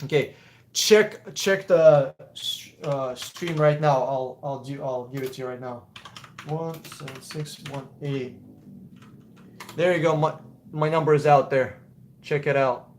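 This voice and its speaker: A man's voice: medium pitch, unhurried, a little hiss or hum. A man with a Russian accent hosting a casual live Q&A stream, answering chat questions in a blunt, profane, opinionated way. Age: adult.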